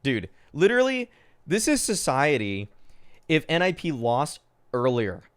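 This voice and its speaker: A young man streaming, reacting to an old esports match in casual, excitable commentary, often exasperated and swearing. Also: medium pitch, unhurried, smooth. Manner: excitable, exasperated, swears, many fillers like "dude".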